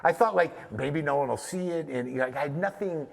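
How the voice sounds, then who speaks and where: A man's voice: fairly high pitch, fairly quick, creaky, long reverb tail. A man from New Mexico, a comedian and podcaster, telling a long, profane, self-deprecating story in a live on-stage conversation. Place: theater stage before an audience.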